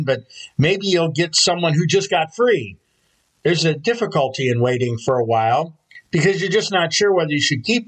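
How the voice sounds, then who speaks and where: A man, a pastor, preaching a Sunday sermon, opening with a prayer and telling stories in a calm, steady way. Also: a little high, husky, rough recording.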